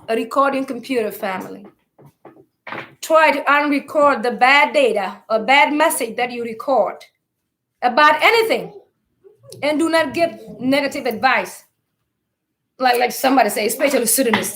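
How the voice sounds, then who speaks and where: A woman's voice: sits high, fairly bright tone. A woman giving a spiritual talk to online followers. She speaks emphatically, piles up rhetorical questions and calls on listeners to answer.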